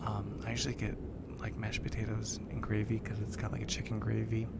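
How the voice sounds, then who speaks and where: A man hosting a whispered ASMR live chat, talking softly with his viewers. He is a bit congested. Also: on the low side, completely flat delivery, brisk, creaky, very noisy. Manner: soft whispering, chatting with viewers. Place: lying down.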